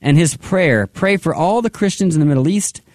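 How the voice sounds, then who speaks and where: A man with a fairly high voice hosts a radio pledge drive in an upbeat way. He prays aloud between appeals and keeps repeating the phone number. The studio sound is dry and close. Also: normal speed, a little mellow, dry recording. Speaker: radio fundraiser host.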